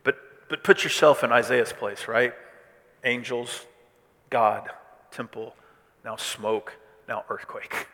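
Male pastor from Missouri, animated preacher, loud declarations dropping to hushed asides, bright tone with long hall reverb. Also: mid-range voice, takes it slowly, long pauses. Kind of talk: sermon.

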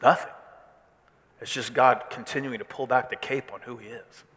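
Bright-voiced preacher in a reverberant hall. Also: male voice, mid-range voice, normal speed. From Missouri. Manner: animated preaching, swinging between loud declarations and hushed asides. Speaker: pastor. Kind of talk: sermon.

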